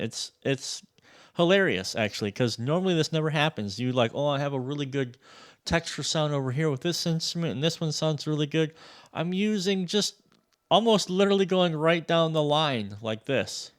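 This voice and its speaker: A man demoing a sample library in a casual, excitable walkthrough, loose and swearing freely. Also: medium pitch. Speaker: music producer reviewing a sample library.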